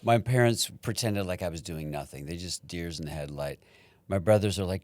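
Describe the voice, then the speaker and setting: A man's voice: low-pitched, a little fast, no echo. A man in his sixties, a podcast guest, telling stories in a wry way and slipping into voices. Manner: wry storyteller who does voices. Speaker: guest, performer and filmmaker. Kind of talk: casual interview chat.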